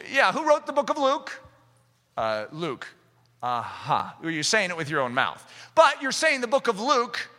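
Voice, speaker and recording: Guy preaching hard, really lively swooping voice, big echo like a hall. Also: high voice. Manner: fervent, rising to shouts for emphasis. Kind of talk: sermon. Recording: echoey hall reverb.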